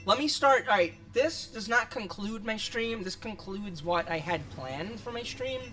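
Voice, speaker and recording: A streamer with a very bright, sharp-edged voice rambles through a casual gaming session, swearing freely and laughing often. They sound a little self-conscious about how they come across. Faint game music sits in the background. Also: mid-range voice, animated, unhurried.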